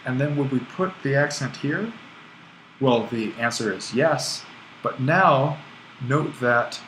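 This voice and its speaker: Low-voiced man explaining at a board. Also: fairly bright tone, a little hiss or hum, rough recording. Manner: explanatory, thinking aloud with restarts and fillers. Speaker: Greek language instructor. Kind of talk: recorded online lecture.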